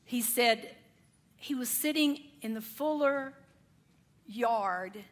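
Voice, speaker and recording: A woman preacher telling a story in a sermon, animated and with laughing asides. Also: a little high, takes it slowly.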